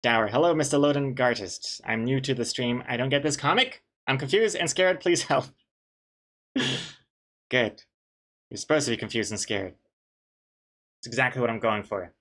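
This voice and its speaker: A man's voice: mid-range voice, expressive, moderate pace, long pauses, a bit bright. A man, a webcomic artist, chatting casually on a live stream, reading chat aloud with dry, joking banter and rambling restarts.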